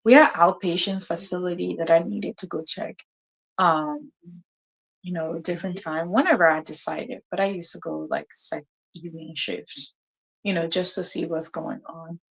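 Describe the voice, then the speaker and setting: A woman's voice: lowish voice, moderate pace, gravelly, breathy edge, rough recording. A woman in her thirties hosting a casual live chat, telling a story with laughter and acted-out quotes. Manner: animated, laughing, acts out quotes. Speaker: host.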